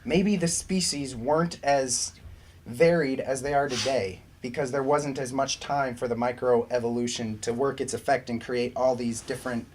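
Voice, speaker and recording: A man leading a relaxed Bible lesson for a youth group. He talks in a chatty, conversational way, mixing in asides and questions to his listeners. His pitch sits in the middle for a man. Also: a little hiss or hum.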